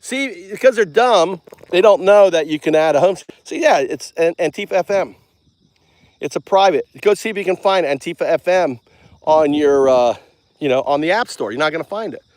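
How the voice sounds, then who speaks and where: A man with a somewhat high-pitched voice talks in a loose, rambling monologue. He keeps a mocking, jokey tone and tosses in "right?" after nearly every thought. He often breaks off and restarts his sentences. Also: animated, moderate pace, a little mellow, no echo. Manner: mocking, jokey, chuckles while talking.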